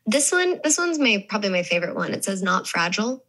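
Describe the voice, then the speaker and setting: A woman's voice: mid-range voice, very animated, fast talker, fairly bright tone, poor audio. A young adult woman from the American South, chatting thoughtfully as an actress interviewee, with many restarts and fillers. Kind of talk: casual interview chat.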